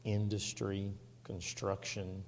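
Slow-speaking preacher in an echoing hall. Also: male voice, sits low, completely flat delivery, slight background noise. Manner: slow, deliberate, emphatic, reading scripture aloud. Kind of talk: sermon. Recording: long reverb of a large hall.

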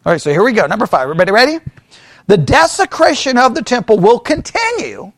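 High, lively male Bible study teacher. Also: fast talker, no echo, studio quality. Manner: animated, talks to the class with frequent "right?" checks; mimics opponents in mocking quoted voices.

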